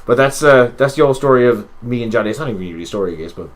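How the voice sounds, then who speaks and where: A man's voice: medium pitch, animated, very fast. A young man with a Newfoundland accent co-hosting a casual podcast, telling rambling, profane, joking stories. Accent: Newfoundland English. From Newfoundland, Canada. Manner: rambling, profane, jokey storytelling. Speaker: podcast co-host. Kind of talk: casual wrestling podcast chat.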